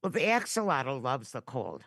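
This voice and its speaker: A woman's voice: a bass voice, sing-song, normal speed, a bit bright, no echo. A woman co-hosting a podcast, bantering casually and laughing often. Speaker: podcast co-host. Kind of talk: casual chat.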